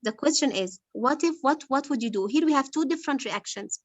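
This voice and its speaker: Teacher explaining a novel. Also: female voice, high-pitched, expressive, a little fast, dry recording, highs cut off. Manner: patient, quizzes pupils, many fillers like "like". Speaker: English literature teacher.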